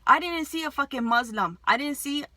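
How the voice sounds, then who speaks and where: Woman, vlogger, agitated, profane, lots of false starts, higher pitch, bright sharp tone, dry sound. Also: fairly quick, no echo. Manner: agitated, heavy swearing, many restarts. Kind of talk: emotional storytime vlog.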